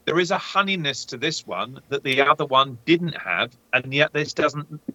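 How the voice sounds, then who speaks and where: A man with a British accent co-hosting a casual talk podcast, speaking in a measured, thoughtful way. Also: medium pitch, lively intonation, sharp tone, no room sound, highs cut off. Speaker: podcast co-host. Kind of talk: casual chat.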